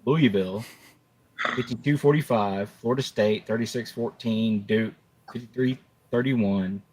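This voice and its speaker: A man's voice: fairly low pitch, unhurried, darkish tone, slight background noise, rough recording. A man on a casual sports talk panel over a remote call mic, argumentative and rattling off scores.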